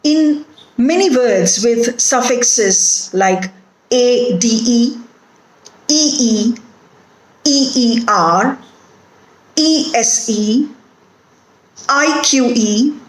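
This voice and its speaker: A woman with an Indian English accent giving a recorded phonetics lecture, speaking deliberately and spelling out letters one by one. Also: a little high, animated. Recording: echoey room.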